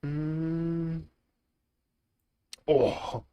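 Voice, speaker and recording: An Australian man chats on a live stream, welcoming viewers by name while musing over his work. He talks at a slow, relaxed pace and repeats himself as he thinks. The sound is dry and close, with no room echo. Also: on the high side, clear, resonant tone. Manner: greets chatters while thinking aloud, repeats phrases. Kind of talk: casual live-stream chat.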